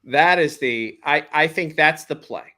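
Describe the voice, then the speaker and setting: A man's voice: a little high, a little slow, bright, forceful tone. Man, talk show host, jokey, irreverent, casual political chat. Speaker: podcast host.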